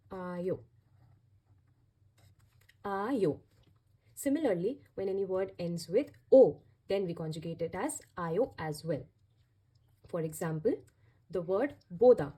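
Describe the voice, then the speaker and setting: A woman giving a language lesson in a warm, mellow voice with a breathy edge. She explains patiently and spells out every step, repeating key words so learners can follow. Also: medium pitch. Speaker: Korean language teacher.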